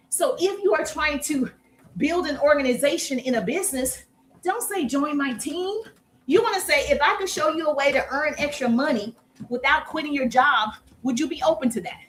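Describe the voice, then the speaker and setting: A woman business coach talking live to an audience, energetic and emphatic, repeating her key points. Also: sits high, slight background noise. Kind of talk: live social media coaching talk.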